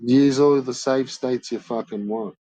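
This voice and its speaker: Husky, foul-mouthed male streamer ranting bluntly at his chat, mid-pitched. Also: fairly even intonation, unhurried, warm tone, poor audio. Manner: profane, blunt, swears constantly. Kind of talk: casual rant to chat.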